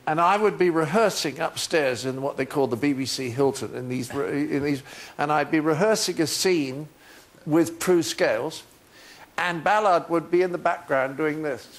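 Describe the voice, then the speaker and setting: Talk show guest, man in his sixties, fairly high voice, lively anecdotal delivery. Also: moderate pace. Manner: anecdotal, animated storyteller. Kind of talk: chat show interview.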